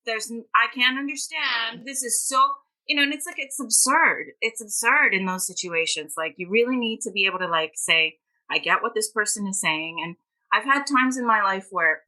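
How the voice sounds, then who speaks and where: A woman's voice: mid-range voice, bright, forceful tone, low-quality recording. A woman, a guest author and language teacher, talking emphatically and at length in a podcast interview. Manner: passionate, emphatic and talkative.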